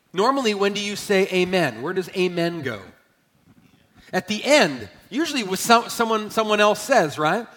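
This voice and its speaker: A man preaching a sermon as a pastor, emphatic, swelling loud and then dropping low. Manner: emphatic preaching, rising and falling in volume. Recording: long church hall reverb.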